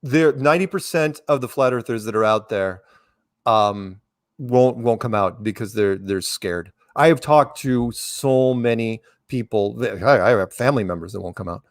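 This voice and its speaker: Casually storytelling in an interview, a middle-aged guest from the United States rambles and keeps restarting his words. He speaks at normal speed in a mid-range voice, recorded at studio quality with no echo.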